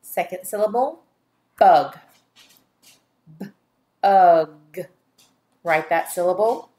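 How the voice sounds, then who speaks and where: On video, a woman with a medium-pitched, expressive voice teaches a phonics dictation lesson, stretching out each syllable for young learners. Her pace is slow and patient, and her delivery deliberate and instructional.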